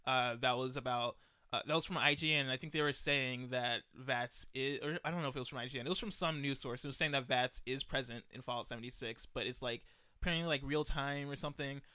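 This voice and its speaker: A man's voice: medium pitch, fairly even intonation, fast talker, pushed and bright, clean tone, dry recording, clean studio sound. A man hosting a casual panel chat, who moderates the talk and passes questions to his guests. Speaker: show host.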